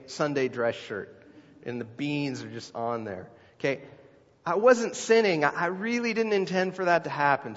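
A middle-aged man preaching a sermon as a pastor, talking in a conversational way and putting questions to the congregation. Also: a little high. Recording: dull sound with long hall reverb.

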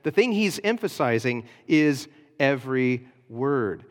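A pastor preaching a sermon, explaining a passage in an earnest teaching manner with frequent hesitations. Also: male voice, medium pitch, big pitch swings, a little slow, in a large hall.

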